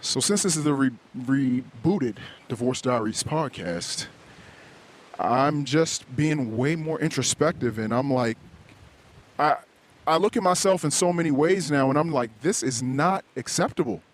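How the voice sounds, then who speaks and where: A man's voice: medium pitch, measured pace, slight background noise. Introspective profane man confessing on a podcast. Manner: introspective, profane, rambling with restarts. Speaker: podcast host. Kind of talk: solo confessional podcast monologue.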